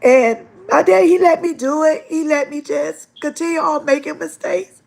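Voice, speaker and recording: High, gravelly-voiced woman giving testimony. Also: moderate pace, darkish tone. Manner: emotional, earnest, addresses viewers directly. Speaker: livestream host. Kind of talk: live-stream faith testimony.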